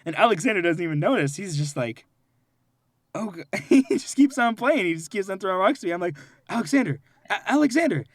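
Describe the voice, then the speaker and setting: A young man co-hosting a casual late-night podcast, tired and close to tears at times, telling stories in an animated way and laughing often. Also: sits high, fast talker, few pauses, dry recording. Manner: animated storyteller, laughs often, acts out quoted voices. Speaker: podcast co-host.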